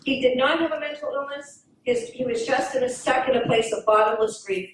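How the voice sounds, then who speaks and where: A woman's voice: sits high, slight background noise. A woman in her seventies giving an earnest personal talk at a fundraiser, telling stories and reading her own writing aloud. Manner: earnest, storytelling, pauses and restarts. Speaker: guest speaker. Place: banquet hall at a fundraising event. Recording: echoey hall, mic from far off.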